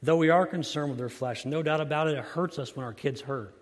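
A man preaching a sermon, earnest, slowing down and softening his voice to stress key lines. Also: on the high side, long reverb tail. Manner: earnest, slows and softens for emphasis. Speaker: pastor.

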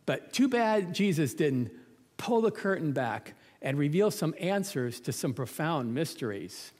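Man preacher with a higher voice and a light, joking manner, who asks rhetorical questions, in a long-reverb hall. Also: sing-song, a little slow, darkish tone. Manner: conversational, humorous, full of rhetorical questions. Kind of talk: sermon.

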